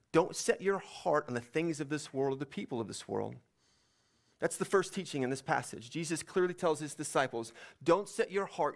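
A man preaching a sermon, reading scripture aloud and then explaining it in a conversational way. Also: fairly high pitch. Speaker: pastor.

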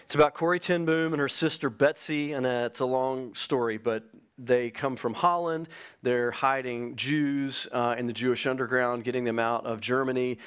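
A man's voice: mid-range voice, steady tone, moderate pace, fairly bright tone, smooth. A man preaching a sermon as pastor, earnest, reading an illustration aloud and stressing key phrases. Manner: reads an illustration aloud to the congregation.

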